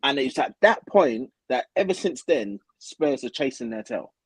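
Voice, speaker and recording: A man co-hosting a casual football talk show, animated and opinionated as he argues his point. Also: mid-range voice, normal speed, slightly rough, dry recording. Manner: animated, opinionated, sometimes teasing. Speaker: football podcast co-host.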